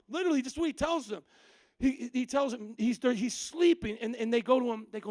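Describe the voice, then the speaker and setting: A man preaching a sermon at a church service, telling Bible stories in a lively, humorous way and acting out the characters' lines. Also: extremely high pitch, fairly quick, no room sound. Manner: animated storytelling, acting out quoted lines with humor. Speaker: pastor.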